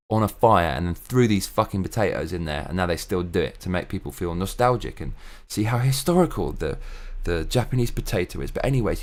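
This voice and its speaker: A young man hosting his own show, talking in a casual solo monologue that is profane, ranting and opinionated. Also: lowish voice. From England. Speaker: show host.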